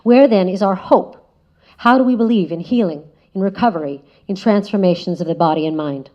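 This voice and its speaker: Measured, reflective woman speaker. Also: mid-range voice. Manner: measured, reflective, often trailing softer. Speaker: guest speaker. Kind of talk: prepared spoken essay. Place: lecture room. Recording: slightly dull lo-fi audio.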